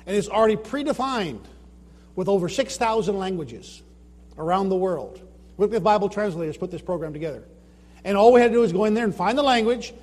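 A man's voice: sits high, in a large hall. A man giving an informal presentation about his Bible translation work, explaining points and asking the audience rhetorical questions. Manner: explanatory, asks rhetorical questions, retells his own anecdotes.

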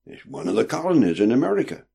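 A man voicing a calm, knowing old male sailor with a croaky voice. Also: medium pitch, quick pace, heavily acted. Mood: knowing, matter-of-fact.

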